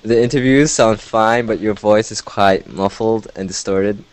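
A man's voice: lowish voice, measured pace. A man hosting a casual podcast, reading listener emails aloud in a mumbling, jokey way. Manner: mumbling, jokey, often laughing. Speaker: podcast host. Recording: lo-fi voice over internet call.

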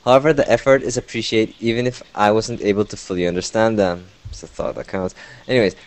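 A man's voice: lowish voice, steady tone, fast talker, a little mellow, rough recording. A male podcast host reading out listener email in casual chat, interrupting himself with asides, often sounding sarcastic without meaning to.

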